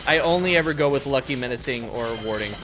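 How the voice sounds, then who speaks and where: A man's voice: medium pitch, expressive, quick pace. A young man casually chatting and swearing while he streams a game. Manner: chatty, swears often, rambling. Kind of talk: casual gameplay commentary. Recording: game music behind.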